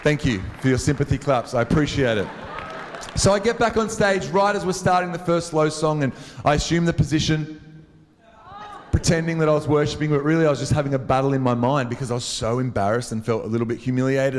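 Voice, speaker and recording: A man with a somewhat high voice tells a comic, self-mocking story to a live crowd. His chatty delivery carries a long reverb from a large hall, picked up on a stage microphone. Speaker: worship leader. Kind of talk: humorous storytelling talk to a live audience. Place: large venue with an audience.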